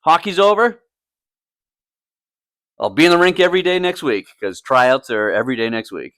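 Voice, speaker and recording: A man's voice: medium pitch, normal speed, fairly bright tone, no room sound, studio quality. A man co-hosting a casual podcast, telling a story with lots of swearing and acted-out quotes, a youth soccer coach. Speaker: podcast co-host. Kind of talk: casual chat.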